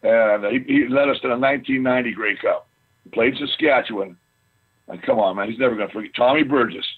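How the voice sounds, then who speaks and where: A man's voice: medium pitch, fast talker, slightly rough, phone-quality sound. A middle-aged man, a former pro football lineman, telling boisterous stories in casual chat and swearing freely. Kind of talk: casual storytelling.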